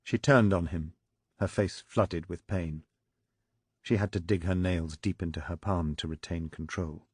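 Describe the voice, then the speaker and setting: A man narrating a political thriller audiobook in a measured, even storytelling manner. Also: sits low, slightly rough, no room sound, studio quality. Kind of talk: scripted narration.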